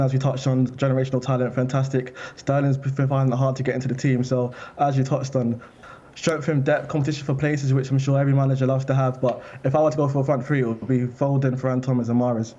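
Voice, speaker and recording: A man giving his opinions as a football journalist on a panel, in a measured way. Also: medium pitch, little pitch movement, dark tone, lo-fi sound. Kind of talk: studio panel chat.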